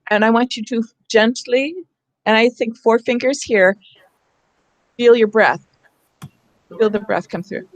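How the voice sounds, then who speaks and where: A woman with a somewhat high voice leads a teacher training session over a video call. She talks in an animated way and acts out sounds as she explains. The sound is dry and close. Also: a little slow, pauses often, no echo. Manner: animated, acts out calling for help. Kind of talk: online teacher workshop.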